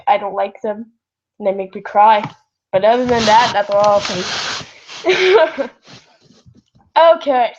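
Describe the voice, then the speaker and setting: A woman reads fan fiction aloud at a slow, unhurried pace. She keeps breaking off to chat and apologize. Her voice sits somewhat high and comes through a dull, lo-fi built-in device mic. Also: a little hiss or hum. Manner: rambling, self-interrupting, apologetic. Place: home, late at night. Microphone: built-in device mic, no proper microphone.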